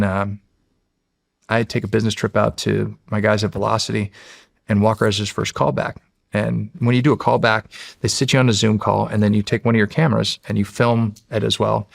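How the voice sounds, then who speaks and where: Gravelly guy in his 40s from the us, chatty storyteller, does all the voices, swears a lot, dry close sound. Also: fairly low pitch, no room sound. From United States. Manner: animated storyteller who acts out quotes and swears freely. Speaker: podcast guest. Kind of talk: casual storytelling.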